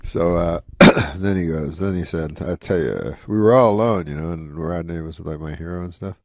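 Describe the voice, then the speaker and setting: Deep, gravelly, deadpan man. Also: normal speed, dry recording, studio quality. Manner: rambling, deadpan, full of "you know" and "uh". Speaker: comedian guest. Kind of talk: anecdote on a talk show.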